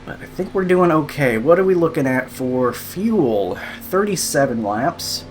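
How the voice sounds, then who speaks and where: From a room at home, a man gives casual live commentary while sim racing, thinking aloud, a little out of breath, and laughing softly at himself. His voice is a little high and expressive, his pace unhurried, with a little hiss or hum in the audio.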